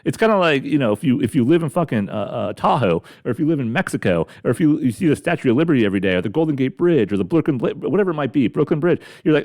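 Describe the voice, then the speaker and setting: Fast and sing-song, this middle-aged man's somewhat high, slightly mellow voice carries a profane, wandering comedic rant on his podcast. He speaks with care, recovering from mouth surgery.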